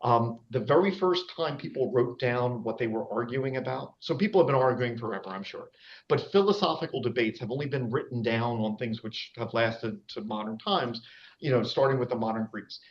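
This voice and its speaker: A man's voice: mid-range voice, normal speed. A man giving an informal public lecture about wildlife, chatty and often checking in with his audience. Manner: chatty, checks in with the audience using "all right?"; frequent fillers and restarts. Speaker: lecturer and nature guide. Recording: dull lo-fi recording.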